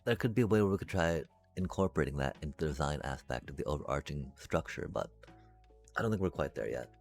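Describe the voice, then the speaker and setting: A man with an extremely deep voice talks casually to his stream chat while he builds, musing over design choices and muttering to himself. He fills pauses with hummed beeps and bops. Faint music plays underneath. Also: lively intonation, a little mellow. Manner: thinks aloud, hums little sound effects while working; addresses chat, muttering and trailing off.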